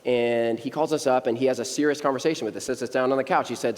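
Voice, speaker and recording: A thirty-something man preaching to young adults tells a funny story in a playful, easygoing way, doing different voices as he goes. He speaks quickly with hardly any pauses, in a steady, mid-range voice with a darkish tone. The church sanctuary lends long reverb to this humorous sermon.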